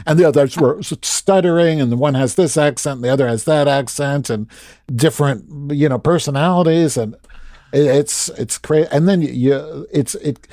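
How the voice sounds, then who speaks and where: Eager male co-host, halting, dry close sound. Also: a little high, dark tone, no echo. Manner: enthusiastic, halting, many restarts. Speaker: podcast co-host. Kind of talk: casual chat.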